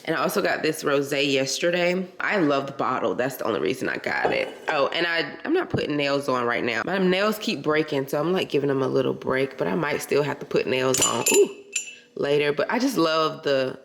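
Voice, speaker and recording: A woman's voice: sits low, creaky, a little hiss or hum. A tired woman vlogger chatting casually to camera at home, calling her viewers y'all and friend. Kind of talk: casual vlog chat to camera. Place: her home, indoor rooms. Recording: echoey room at home.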